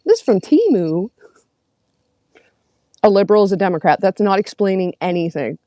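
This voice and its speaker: A woman's voice: mid-range voice, big pitch swings, normal speed, mellow, no room sound. A young woman, livestreaming and reading out comments in casual, sarcastic, profane chat. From Canada.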